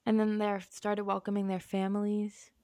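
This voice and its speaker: A young woman co-hosting a casual sports podcast, chatty and quick to laugh, full of likes and fillers, talking into a studio microphone. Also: medium pitch, monotone, dark tone, dry recording.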